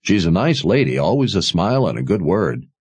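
A man's voice: low voice, big pitch swings, fairly quick, husky, no room sound, full character voice. A man voicing a friendly, concerned young wine seller who talks easily. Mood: kindly.

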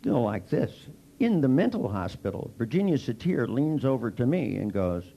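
An older man with a gravelly voice, giving a comic storytelling lecture to a seminar audience and wryly acting out both sides of his dialogues. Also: medium pitch, big pitch swings, moderate pace, mellow, dull audio, a little hiss or hum. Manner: wry, mocking, acts out both sides of dialogues. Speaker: seminar speaker.

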